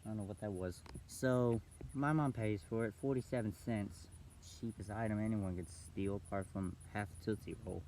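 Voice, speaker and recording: A young man vlogging, telling a story casually and acting out the other people's voices with big jumps in pitch. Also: steady tone, moderate pace, darkish tone, slight background noise, rough recording. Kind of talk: storytelling vlog.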